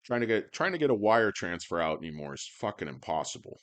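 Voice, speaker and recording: A man with a worn-out, hoarse voice, rambling and swearing through a stock-market video monologue, with sardonic asides and loud rants. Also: low-pitched, very animated, fast talker. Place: indoors under bright lights.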